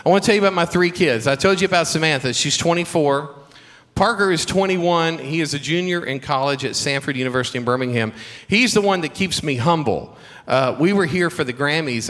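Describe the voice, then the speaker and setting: A middle-aged man with a Southern accent talks to a school chapel audience, mixing light family stories with faith encouragement. His voice sits in a middle register. The sound carries a long reverb from a large hall. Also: medium pitch. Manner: warm storytelling with humor and faith encouragement. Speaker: guest speaker at a school chapel. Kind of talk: chapel talk to students.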